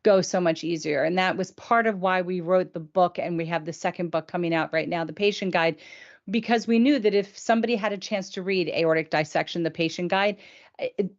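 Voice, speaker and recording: A woman's voice: fairly low pitch, brisk, muffled recording. Chatty woman hosting a live Q&A. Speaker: host. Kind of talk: live Q&A interview.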